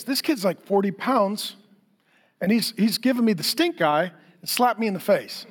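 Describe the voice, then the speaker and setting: Delivering a sermon at normal speed, a middle-aged male pastor with a notably high voice tells lively, funny stories. He acts out quotes for laughs and keeps putting direct questions to the congregation.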